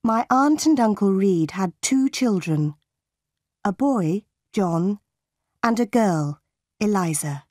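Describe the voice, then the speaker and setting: A woman narrating a simplified novel for an audiobook, reading slowly, clearly and deliberately. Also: medium pitch, animated, darkish tone, dry recording, clean studio sound.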